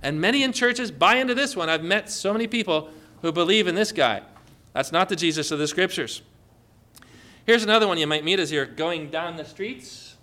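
A man's voice: high-pitched, animated, normal speed, pushed and bright. A man preaching a sermon to a congregation, emphatic and asking them questions. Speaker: pastor.

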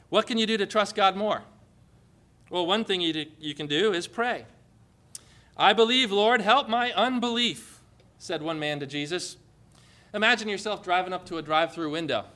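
A man preaching a sermon in church, animated and acting out the quoted lines in changing voices. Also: on the high side. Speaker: pastor.

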